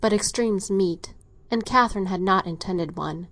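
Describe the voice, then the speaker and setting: A woman narrating a classic novel in a steady, even storytelling manner. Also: mid-range voice, normal speed. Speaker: audiobook narrator. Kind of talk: scripted narration.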